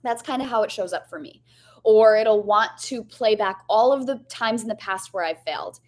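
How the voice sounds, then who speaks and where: A woman's voice: mid-range voice, normal speed, darkish tone. A young woman coach giving a candid, chatty motivational lesson, often asking "right?" and swearing casually. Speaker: life coach.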